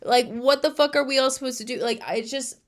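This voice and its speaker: A young woman vents straight to her viewers in a fed-up, casual rant full of swearing. Her voice sits a little high. She talks like she is recapping a favorite show for friends. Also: steady tone, brisk. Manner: exasperated, swears often. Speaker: reality TV recap vlogger.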